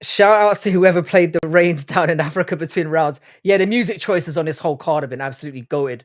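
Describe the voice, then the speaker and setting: An Irish man hosts a live fight watch-along stream, speaking in a slightly raised pitch. His delivery is casual and peppered with swearing. He reacts to the action as it happens and answers his chat. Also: fairly quick. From Ireland. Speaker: livestream host.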